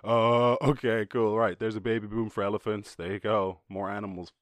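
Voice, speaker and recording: A man's voice: fairly low pitch, dry recording. Profane joking man, dry close sound. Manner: profane, animated, laughing, acts out people in quick voices. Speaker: podcast host. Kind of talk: comedic podcast monologue on news stories.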